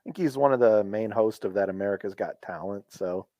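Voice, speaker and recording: A man's voice: on the low side, a little fast, warm tone, dry recording. A man co-hosting a podcast, chatting casually and making wry remarks about wrestling. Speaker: podcast co-host. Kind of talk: casual wrestling commentary chat.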